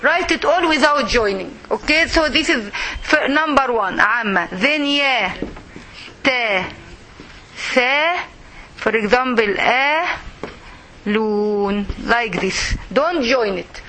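A woman teaching a Quran recitation class, slow and patient, repeating words for her students to echo. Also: fairly high pitch, animated, pushed and bright.

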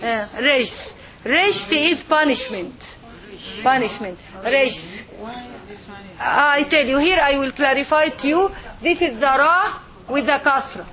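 High-voiced woman teaching letters. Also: lively intonation, bright, forceful tone. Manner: patient, repeats words slowly for learners. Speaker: Arabic teacher. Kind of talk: classroom teaching. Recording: noisy classroom with crowd. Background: class of women students.

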